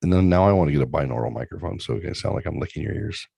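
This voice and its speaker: A man's voice: sits low, lively intonation, rapid-fire, vocal fry, mellow, no echo. A middle-aged man hosting a casual talk show, rambling and joking crudely about his kids and streaming. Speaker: podcast host. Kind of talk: casual chat.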